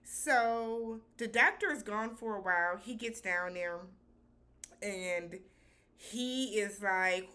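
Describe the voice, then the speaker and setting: A woman's voice: medium pitch, slow pace, bright, forceful tone. A woman recapping a TV episode in a loose, chatty way, with slangy phrasing and lots of filler words. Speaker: TV show reviewer.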